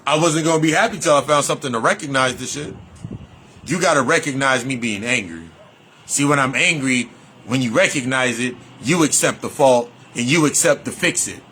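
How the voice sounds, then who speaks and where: A man's voice: medium pitch, fairly quick, bright, forceful tone, a little hiss or hum. A man talking as a life coach in a motivational monologue, blunt and preachy, repeating his points and swearing freely. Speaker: life coach and shadow-work healer.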